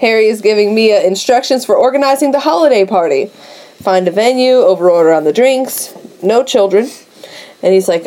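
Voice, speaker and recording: Mellow-voiced woman podcast co-host. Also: mid-range voice. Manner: recaps scenes with quick asides and frequent laughter. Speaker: podcast co-host recapping a film. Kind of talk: casual chat.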